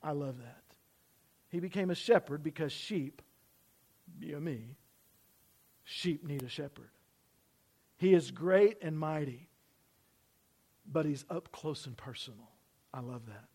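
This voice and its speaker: A man preaching a sermon to his church, swinging from loud emphasis down to hushed tones and having the congregation repeat after him. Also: on the high side, unhurried, pauses often, breathy edge. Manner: preaching with sudden loud emphasis and drops to near-whisper; asks the congregation to repeat phrases. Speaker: pastor. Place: church building.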